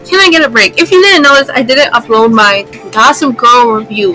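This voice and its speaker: Bright-voiced young woman ranting on a vlog. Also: high-pitched, lively intonation, normal speed, hardly any pauses, soft background music, poor audio. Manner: exasperated, repeats lines for emphasis. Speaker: YouTuber. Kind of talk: vlog commentary rant.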